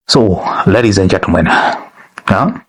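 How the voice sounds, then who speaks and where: A man's voice: deep voice, expressive, takes it slowly, a bit bright, breathy edge. A man with a Kenyan accent, talking to his YouTube audience in a preachy monologue that keeps repeating phrases and asking "huh?". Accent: Kenyan English. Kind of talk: casual monologue to camera.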